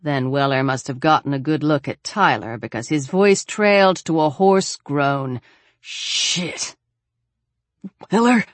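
A woman narrating a novel in a measured, steady reading voice. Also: very deep voice, no echo. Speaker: audiobook narrator. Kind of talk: scripted narration.

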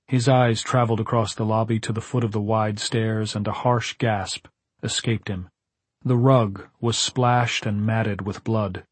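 Reading scripted narration, this male audiobook narrator has a lowish, husky, slightly breathy voice and a steady tone, pacing his delivery in a measured, dramatic style. It's recorded up close and dry, without any room sound.

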